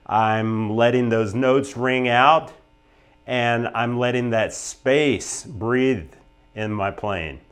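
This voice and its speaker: An American man teaching blues guitar, talking in an emphatic, animated way and often checking in with "right?" and "okay?". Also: mid-range voice, very slow, clean tone. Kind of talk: instructional talk to camera.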